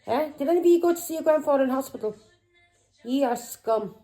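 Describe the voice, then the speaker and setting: A woman's voice: high voice, animated, fast, warm tone, soft background music, rough recording. A middle-aged woman, a tarot reader who talks in an angry, accusing way, swearing and firing taunting questions. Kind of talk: tarot reading vlog.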